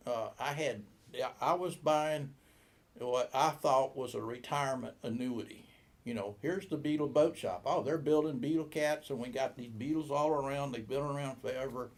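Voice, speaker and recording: Older man in his 70s, gravelly, rambling interview storyteller who voices the other people in his tales. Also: mid-range voice, moderate pace. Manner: rambling anecdotal, acts out quoted dialogue. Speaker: boat shop owner.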